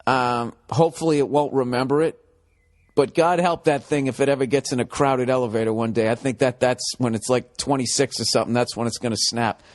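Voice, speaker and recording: A man in his forties hosting a comedy podcast from home, rambling in a profane, animated monologue and slipping into mocking voices. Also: mid-range voice, fast, few pauses. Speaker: podcast host. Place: home room with window.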